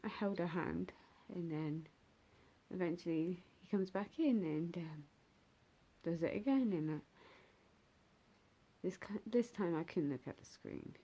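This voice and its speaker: A young adult woman telling a personal story in a vlog, talking in a halting, hesitant, emotional way with many fillers and restarts. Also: fairly low pitch, mellow, slightly rough. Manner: emotional and raw. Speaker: bereaved mother telling her story.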